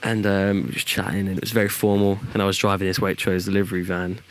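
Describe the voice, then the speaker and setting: A man's voice: low-pitched, quick pace. A young man, chatting casually on a podcast and telling a story with lots of "like" and acted-out quotes. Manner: animated storyteller, acts out quoted voices, lots of "like" and swearing. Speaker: podcast co-host.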